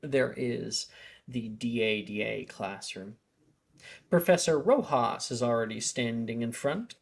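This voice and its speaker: A woman's voice: very deep voice, a little slow, vocal fry, breathy edge. A woman narrating as game master in casual, giggly style.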